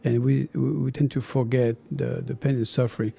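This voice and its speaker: A middle-aged chef with a French accent talks in a very dark, mellow voice. He tells his stories with animation, acting out the people in them and laughing often. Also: mid-range voice, a little fast, gravelly, slightly rough. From France. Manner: animated storyteller, acts out dialogue, laughs often. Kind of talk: casual interview chat.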